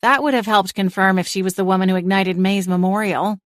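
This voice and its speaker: A woman giving an expressive first-person audiobook narration into a studio microphone. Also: mid-range voice, fairly quick, no room sound.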